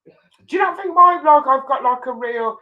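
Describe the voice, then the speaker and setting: A woman's voice: high-pitched, expressive, moderate pace, narrow, tinny audio. A woman hosting a casual live chat show, reading viewer comments and trading giggly, teasing banter. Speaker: host.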